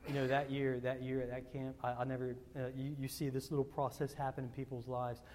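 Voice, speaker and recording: A male pastor preaching a sermon, telling personal stories in a rambling way, repeating words and swinging from loud to hushed. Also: mid-range voice, level tone, brisk, slight background noise.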